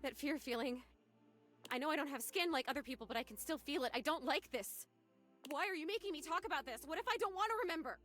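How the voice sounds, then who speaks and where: A woman's voice: sits high, expressive, fast, a bit bright, faint music behind. A woman voicing a bubbly, trusting young woman ghost in a video game, gushing and full of wonder. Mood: anxious, uneasy. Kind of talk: voiced video game dialogue.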